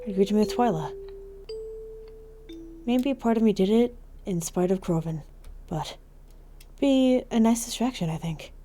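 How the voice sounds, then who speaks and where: Woman calmly narrating a game. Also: medium pitch, moderate pace, long pauses, soft background music. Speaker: gaming channel host. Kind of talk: reading a visual novel aloud as narration.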